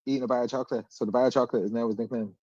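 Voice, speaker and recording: Fast-talking joking man. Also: mid-range voice, fairly even intonation, dark tone, no room sound. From Ireland. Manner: quick, joking, swearing. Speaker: podcast co-host. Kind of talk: casual chat. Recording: dull, dry sound.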